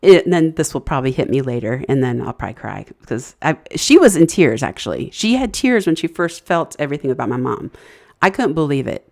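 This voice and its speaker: A woman's voice: rumbling low, sing-song, fairly quick, creaky, darkish tone. A middle-aged woman hosting a casual live stream, telling a story in a chatty, rambling, emotional way. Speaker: livestream host.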